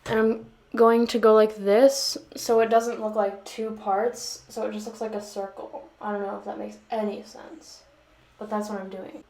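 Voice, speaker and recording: A woman vlogger chatting through a makeup tutorial, rambling and making fun of herself along the way. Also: on the high side. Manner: rambling, self-mocking, joking asides. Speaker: beauty vlogger. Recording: echoey room.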